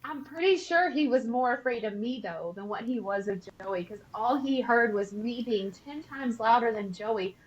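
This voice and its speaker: A woman hosting a podcast, telling a story in casual chat. She swears freely and gets loud and animated. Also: a little high, normal speed, few pauses, dull audio. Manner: animated, swears freely, bursts into loud shouting when quoting. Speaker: podcast host.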